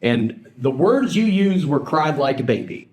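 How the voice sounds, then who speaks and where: A man's voice: fairly high pitch, big pitch swings, a little slow, a little mellow. A man co-hosting a podcast, speaking in an emphatic, firm way. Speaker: podcast co-host. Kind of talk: casual podcast chat. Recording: roomy echo.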